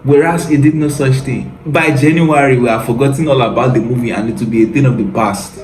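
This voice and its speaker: A man's voice: medium pitch, a little fast, roomy sound, music in the background, rough recording. A man hosting a casual reaction commentary, mocking and exasperated, laughing often and calling the listener bro. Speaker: commentary video host.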